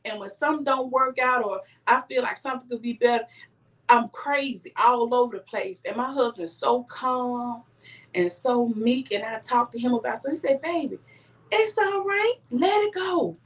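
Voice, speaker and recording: A woman's voice: on the high side, moderate pace. A middle-aged woman, giving earnest life advice straight to her viewers in a casual live stream. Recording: voice a bit distant from the mic.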